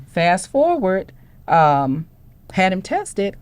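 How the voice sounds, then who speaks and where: Animated mom telling a story. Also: female voice, medium pitch, slow pace. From Houston, Texas. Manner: animated storytelling, acts out dialogue. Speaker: parent panelist. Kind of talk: panel discussion storytelling.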